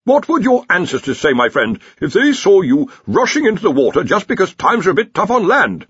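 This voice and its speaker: A pompous older wizard dean, as a man voices him, shrill, fussy and scolding, pitched well above the reader's own voice. Husky and dry, close to the mic, slightly dull in tone. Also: big pitch swings, brisk, fairly bright tone, no echo, exaggerated voice. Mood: indignant. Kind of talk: audiobook character voice.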